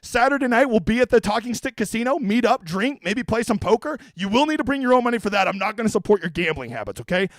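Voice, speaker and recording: A man's voice: high-pitched, animated, fast talker, few pauses, dry recording, poor audio. A man streaming about fantasy golf, brash and profane, out of breath. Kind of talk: hyped comedic stream talk.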